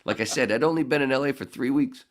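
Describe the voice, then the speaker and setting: A man as a podcast guest, telling animated, profane anecdotes in a casual, laughing way. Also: medium pitch, fast talker. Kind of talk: casual storytelling.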